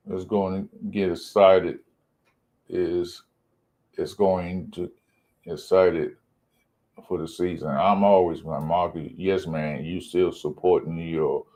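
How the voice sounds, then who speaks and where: A man hosting a casual livestream, rambling on and stumbling over his words as he reads comments aloud. His voice sits fairly low, and he laughs often, drifting between loud remarks and low mumbles. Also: steady tone, slow, pauses often. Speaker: livestream host.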